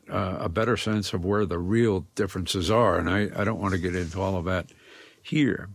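Low, gravelly man, thoughtful and halting. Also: dry recording. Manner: thoughtful, halting, many restarts. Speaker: guest, philosopher and educator. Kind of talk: reflective interview conversation.

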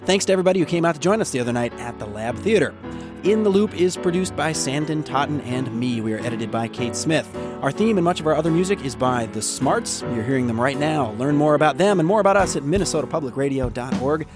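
A man hosting a public radio show, announcing in a relaxed, conversational way. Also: on the high side, quick pace, music in the background. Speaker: radio podcast host.

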